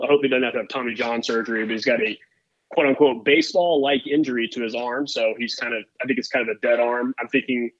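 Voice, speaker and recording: A man's voice: medium pitch, fairly bright tone, dry recording, dull audio. A man co-hosting a podcast, talking football in a loose, rambling way. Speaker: podcast co-host. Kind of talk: casual sports chat.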